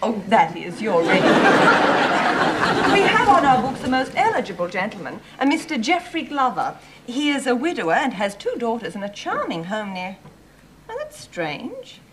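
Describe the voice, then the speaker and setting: Clerk: gushing, genteel agency woman, lively melodic delivery. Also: a little high, normal speed, crowd noise, background noise.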